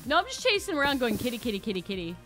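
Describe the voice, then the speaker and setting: Woman co-host, bright higher voice, playful chatter, game music under. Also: very fast. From Pennsylvania. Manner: giggly, playful, animated. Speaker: streamer co-host. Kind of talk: casual gameplay chat.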